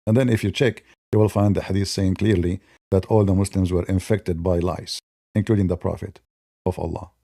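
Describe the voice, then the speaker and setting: Gravelly, dark-voiced man mocking. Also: sits low, fairly even intonation, a little fast, dry recording, clean studio sound. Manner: mocking, sarcastic, combative; non-native English grammar. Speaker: online debater. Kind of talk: polemical monologue.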